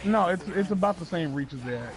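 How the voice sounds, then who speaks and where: A man with a slightly high voice chats casually while watching a game stream. He rambles, circles back and swears freely. His talk is full of fillers. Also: lively intonation, a little fast. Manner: rambling, profane, many fillers. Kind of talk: casual chat.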